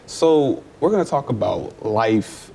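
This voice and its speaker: A man interviewing a college athlete, conversational and quick with agreeing interjections. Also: medium pitch, lively intonation, creaky, warm tone, a little hiss or hum. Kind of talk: sports interview.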